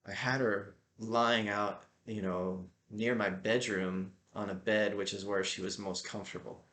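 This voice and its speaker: A man's voice: lowish voice, steady tone, a little slow, a bit bright, reverberant. A middle-aged man telling a personal story in a casual, rambling way, with many fillers and restarts. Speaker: qigong teacher and vlogger.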